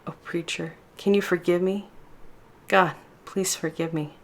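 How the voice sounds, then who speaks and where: A woman reading as a grieving young woman, speaking low and hushed as she begs forgiveness. Her voice stays quiet and pleading. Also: fairly even intonation, measured pace, creaky.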